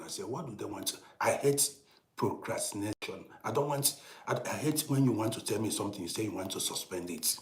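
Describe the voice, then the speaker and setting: A man's voice: lowish voice, fairly quick, roomy sound. Middle-aged man telling a story, whispers to outbursts. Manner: animated, swings from hushed whispers to loud emphatic outbursts; repeats and restarts phrases. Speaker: storytelling channel host. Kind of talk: casual storytelling monologue.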